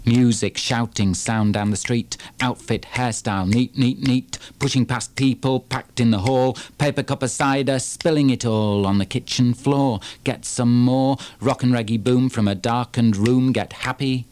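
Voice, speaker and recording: A man's voice: medium pitch, steady tone, measured pace, hardly any pauses, a little mellow. Yorkshire man chanting punchy performance poetry. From Yorkshire, England. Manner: punchy, rhythmic chanted delivery with repeated refrains. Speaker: performance poet. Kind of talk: live performance poetry reading.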